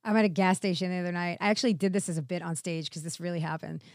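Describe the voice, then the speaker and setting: A woman's voice: on the low side, steady tone, racing, a little mellow, dry recording, clean studio sound. A woman stand-up comedian telling a brash, profane story in casual chat on a podcast.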